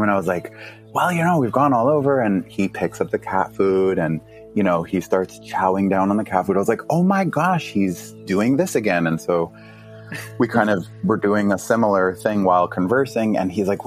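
A man guesting on a podcast relates a story with casual energy, breaking into frequent laughter. When he imitates his younger self, his pitch jumps up.

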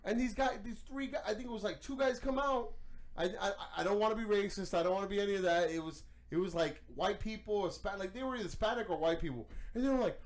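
A man hosting a podcast, telling a story in casual chat, animated and profane. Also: high voice, quick pace. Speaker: podcast host.

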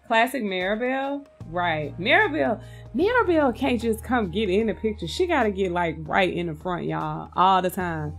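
A woman's voice: medium pitch, expressive, normal speed, soft background music. A woman giving casual, gushing commentary on a video game, chatting to her viewers and calling them "y'all". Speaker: game content creator.

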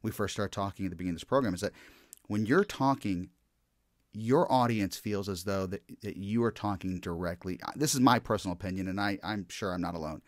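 Encouraging low-voiced male podcast host. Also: brisk, no echo, clean studio sound. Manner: encouraging, affirming. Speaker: podcast host, hypnotist and corporate trainer. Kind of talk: casual interview chat.

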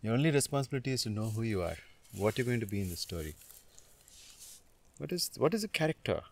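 A male spiritual teacher speaks in an animated, blunt and casual way. He laughs often and addresses the listener as man or dude. His voice sits in an ordinary middle pitch. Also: fast, a little hiss or hum.

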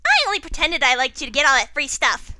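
A woman's voice: sits high, expressive, fast talker, background noise. A young woman doing goofy comedic fan parody dubbing at home, switching between silly voices. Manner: goofy, shifting character voices. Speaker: fandub creator.

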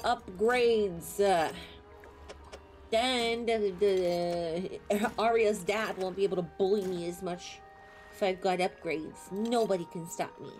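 A playful young woman chatting her way through a game stream, unhurried and giggly, with sudden squeals that leap high and drop back down. Her pitch sits in the middle of her range, and faint game music plays underneath. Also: a little mellow. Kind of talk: casual live-stream game commentary.

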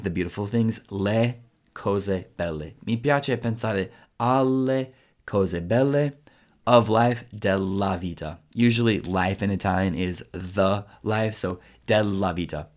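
A man teaching a language lesson, explaining grammar step by step and patiently repeating each phrase slowly. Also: lowish voice.

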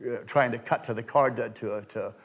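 A man speaking to a student audience as a card magician, telling stories with halting restarts and acting out the quoted voices. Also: mid-range voice. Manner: animated storyteller, acts out quoted voices; halting restarts and repeated words. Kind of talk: storytelling lecture with Q&A. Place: lecture room before a student audience.

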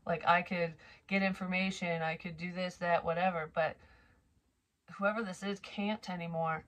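A woman's voice: on the low side, fairly even intonation, moderate pace, fairly bright tone. A young adult woman giving a psychic reading in a loose, rambling and profane way, with an occasional cough. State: occasional cough, slightly wheezy. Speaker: psychic reader. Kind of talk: tarot reading monologue.

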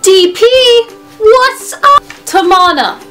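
A woman vlogger chatting casually while opening fan mail, gushing and excitable, with frequent gasps and little laughs. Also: very high-pitched, takes it slowly, over music. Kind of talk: casual vlog chat.

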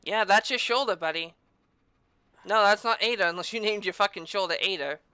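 A woman giving casual gameplay commentary as a let's-play host, sarcastic and profane, with loud outbursts and taunts. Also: medium pitch, brisk, smooth, no echo.

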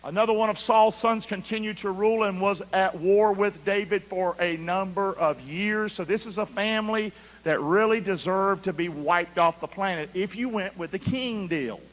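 A man preaching a sermon as pastor, calling for answers from the congregation and swinging from quiet asides to loud shouts. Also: high voice. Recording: long hall reverb.

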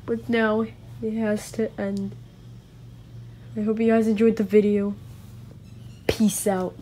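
A woman giving gameplay commentary to her viewers, swinging from low muttering to excited squealing shouts. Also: a little slow, pauses often, slight background noise. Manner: talks to viewers as guys. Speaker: gaming channel host.

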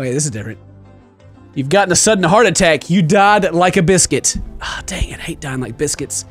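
A man giving comedic gameplay commentary, joking around and shouting at game characters. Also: on the high side, expressive, normal speed. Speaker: gaming channel host. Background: game music.

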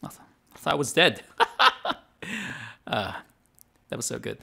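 A man's voice: medium pitch, wildly swooping pitch, takes it slowly, creaky, pushed and bright. A man streaming a video game, chatting casually at a desk microphone, laughing often and correcting himself. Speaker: gaming streamer. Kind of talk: casual gameplay commentary.

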